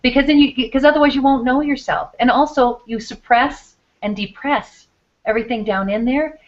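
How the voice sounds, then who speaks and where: A woman's voice: high-pitched, moderate pace, highs cut off. Earnest woman host, meandering talk. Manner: earnest, meandering, many fillers. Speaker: show host. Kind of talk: casual talk show hosting.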